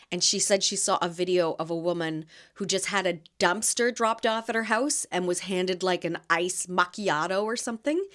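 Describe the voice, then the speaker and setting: A woman's voice: fairly low pitch, fairly bright tone. A woman in her thirties hosting a podcast, chatting casually and animatedly about her weekend as a market vendor, with frequent fillers and laughs. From Canada. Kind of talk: casual chat.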